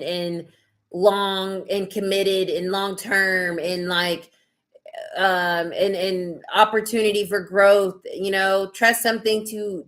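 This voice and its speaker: A woman hosting a live tarot session. She talks in a loose, effusive, chatty way, full of fillers. Her pitch sits in an ordinary middle range. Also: a bit bright. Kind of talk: casual live-stream tarot reading.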